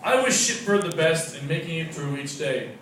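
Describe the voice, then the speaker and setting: A man doing a stand-up set, swinging from loud, profane outbursts to muttered asides. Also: a little high, lively intonation, moderate pace. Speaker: stand-up comedian, English teacher. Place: comedy club stage before a laughing audience. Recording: echoey club, mic from far off, crowd noise. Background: laughing audience.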